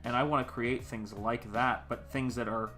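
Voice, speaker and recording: American male stream host, rambling and friendly, bright tone, faint music under him. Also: medium pitch, fairly even intonation, moderate pace. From United States. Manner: rambling, chatty, greets viewers in chat. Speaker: artist livestream host. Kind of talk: casual livestream chat.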